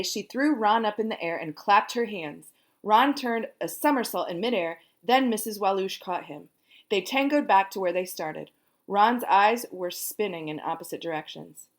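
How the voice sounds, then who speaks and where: A woman reading a children's book aloud, animated and singing out the sound effects herself. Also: mid-range voice, normal speed. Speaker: storyteller.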